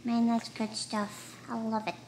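A high, childlike voice gives an excitable young terrier his say, put on by a woman. He drawls slowly and gushes over every treat. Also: a little hiss or hum. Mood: gushing. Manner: gushing, chatty about treats. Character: excitable young male terrier dog, greedy chewer.

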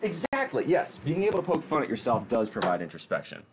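A man's voice: mid-range voice, wildly swooping pitch, fast talker, slight background noise. A man, chatting casually and joking with viewers on a livestream. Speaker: livestream fitness host.

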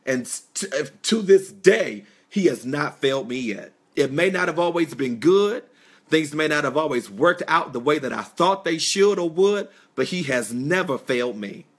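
A man's voice: a little high, lively intonation, normal speed. A young man preaching a sermon on a live stream, telling a personal testimony with fervent, swelling emphasis and casual asides. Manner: impassioned, rising and falling emphasis, conversational asides. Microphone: phone or webcam live stream.

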